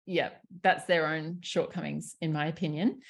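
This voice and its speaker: A woman with a low, husky voice talks as a sexuality coach in a relaxed podcast chat. She is candid and lively, swears without hesitation and laughs easily. Her delivery stays open and conversational. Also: moderate pace. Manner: candid and animated, swears freely, laughs often.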